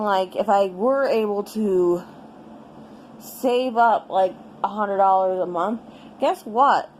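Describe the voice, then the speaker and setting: A woman's voice: mid-range voice, slight background noise, rough recording. A young woman giving a casual personal update, rambling and frustrated, swearing freely as she vents. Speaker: vlogger.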